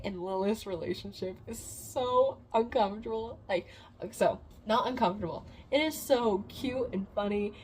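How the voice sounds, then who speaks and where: A woman's voice: medium pitch, normal speed, a little hiss or hum. A woman recapping a book in a casual, rambling way, with many fillers and giggles. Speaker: book reviewer.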